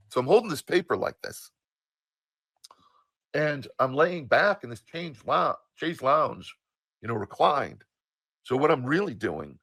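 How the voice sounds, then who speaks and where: A man in his sixties from the United States, telling a personal story in an animated, emphatic way with some swearing. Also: medium pitch, no echo. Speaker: storyteller, show host.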